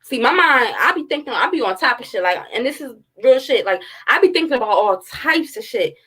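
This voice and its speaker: A woman's voice: a little high, expressive, fairly quick, fairly bright tone, breathy edge, rough recording. A woman, giving blunt, heated, profane commentary in a casual livestream. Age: 30s. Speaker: true-crime commentary host.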